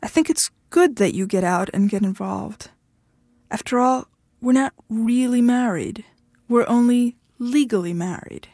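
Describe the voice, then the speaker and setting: A woman's voice: a little high, a little slow, mellow, no room sound, clean studio sound. A woman voicing a tough, blunt woman who is fed up with her husband and speaks firmly. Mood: matter-of-fact. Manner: blunt, firm, impatient.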